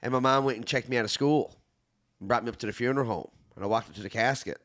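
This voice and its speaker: A man, hosting a podcast and telling a personal story in a reflective, halting way, often restarting and growing quiet. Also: mid-range voice. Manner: reflective, halting storytelling with many restarts, drops soft when sad. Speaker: podcast host. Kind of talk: casual conversation.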